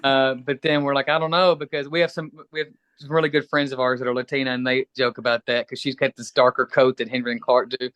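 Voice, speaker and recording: A man's voice: medium pitch, fast, clean tone, no room sound, lo-fi sound. A middle-aged man from Kentucky, a musician guest chatting casually and a bit rambling in an interview. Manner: relaxed, rambling, friendly.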